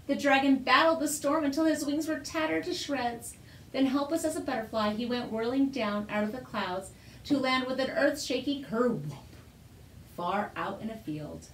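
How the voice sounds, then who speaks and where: A woman reading a children's picture book aloud with lively, expressive narration. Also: high voice, normal speed, a little hiss or hum. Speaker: storyteller. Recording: roomy echo.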